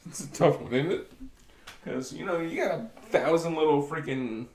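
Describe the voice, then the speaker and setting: A man's voice: fairly high pitch, normal speed, a little mellow, roomy sound, slight background noise. A man co-hosting a podcast, teasing and laid-back as he poses would-you-rather questions. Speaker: podcast co-host. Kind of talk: casual podcast banter.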